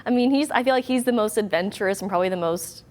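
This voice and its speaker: A woman's voice: medium pitch, fast, background noise. Teasing, bubbly TV weatherwoman. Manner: teasing, bubbly, laughs easily. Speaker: TV meteorologist co-host. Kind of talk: casual studio chat. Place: TV studio.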